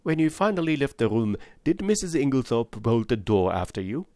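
A man's voice: mid-range voice, fairly quick, dry recording, studio quality, close to an everyday voice. A man doing Poirot, placid French-tinged detective. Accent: put-on French-tinged. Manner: precise, placid, calmly probing. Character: fussy elderly male Belgian detective, calm. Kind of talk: audiobook reading.

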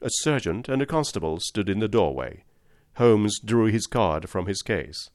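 A man narrating a classic detective story in a measured storytelling manner. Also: fairly low pitch, animated, a little mellow, no room sound, studio quality.

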